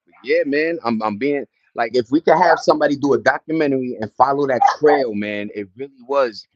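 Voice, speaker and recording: A man's voice: mid-range voice, a little fast, background noise. Slangy middle-aged man on a lo-fi stream. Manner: slangy, loose storytelling, greets chat viewers between stories. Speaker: livestream host. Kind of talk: casual livestream chat.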